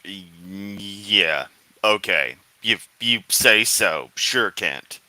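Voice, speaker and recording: A man's voice: fairly low pitch, animated, very slow, bright, forceful tone, no room sound. A man hosting a reaction commentary, talking back to clips with sarcasm and rambling asides.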